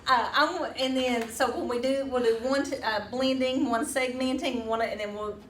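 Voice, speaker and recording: A woman's voice: high-pitched, steady tone, normal speed, a bit bright. A woman leading a hands-on teaching workshop, talking casually with fillers and restarts. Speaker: teacher trainer. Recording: roomy echo, distant mic, faint room noise.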